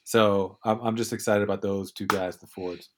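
Low-voiced rambling male co-host. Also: little pitch movement, moderate pace, fairly bright tone, a little hiss or hum. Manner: chatty, rambling with many restarts and hedges. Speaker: podcast co-host. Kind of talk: casual sports podcast chat.

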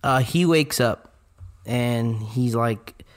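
A man in his thirties, co-hosting a podcast, telling a family story in a relaxed, matter-of-fact way with dry asides. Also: mid-range voice, extremely slow. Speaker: podcast co-host. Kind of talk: casual storytelling.

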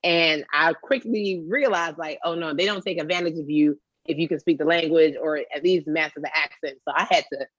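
A woman, an actress and comedian, chatting casually in an interview and acting out quotes with lively jumps in pitch. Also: fairly quick, hardly any pauses, dry recording. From Nigerian family, raised in America. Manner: animated storyteller, acts out quotes with big pitch jumps and laughter. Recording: dull lo-fi dry sound.

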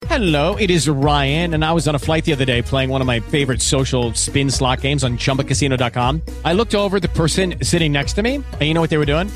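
A man's voice: on the high side, fast, hardly any pauses. A man reading a scripted radio ad in an upbeat, salesy way. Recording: ad with faint music. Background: faint music.

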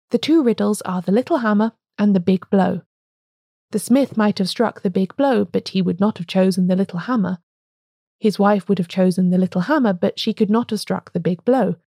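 A woman's voice: medium pitch, warm tone, husky, no room sound, clean studio sound. A woman reading a storybook voicing an agitated, stammering male curate. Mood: feverish. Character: nervous excited male curate, feverish.

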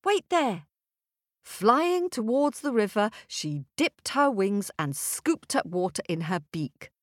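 A woman storyteller telling a folk tale in an expressive, rhythmic way. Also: medium pitch, slow pace, dry recording, clean studio sound. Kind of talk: storytelling for children.

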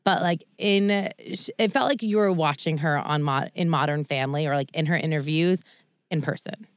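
A woman's voice: low-pitched, moderate pace, clear, resonant tone, no echo. A young adult woman co-hosting a podcast, chatting in a gushing, enthusiastic way. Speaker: podcast co-host. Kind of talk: casual chat.

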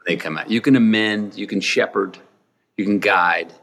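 A man talking as a podcast guest, answering in a reflective, measured way. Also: fairly low pitch, fairly bright tone. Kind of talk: interview conversation.

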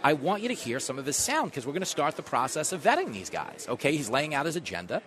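Male talk radio host, bright lively delivery, comic monologue with sudden loud bursts; live event broadcast. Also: fairly high pitch. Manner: fast joking riffs, big swings in loudness.

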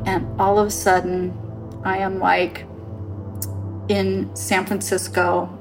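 A woman telling her own paranormal story on a podcast, halting and earnest, full of fillers as she searches for words. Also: medium pitch, flat delivery, music in the background. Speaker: storyteller guest.

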